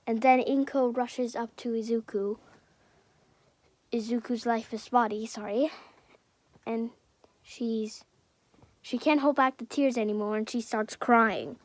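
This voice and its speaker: A woman improvises a fan-fiction tale slowly, with plenty of fillers and corrections to herself. Her voice sits a bit high, and the sound is dry and close to the mic. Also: fairly even intonation, dry recording. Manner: hesitant, many fillers and self-corrections. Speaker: storyteller.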